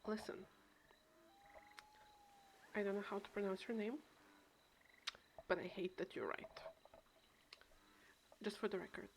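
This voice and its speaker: A woman's voice: mid-range voice, fairly even intonation, unhurried, pauses often, a little hiss or hum. A young woman streaming a game, chatting casually in a dramatic, self-mocking way. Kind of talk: casual live game commentary. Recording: music playing behind.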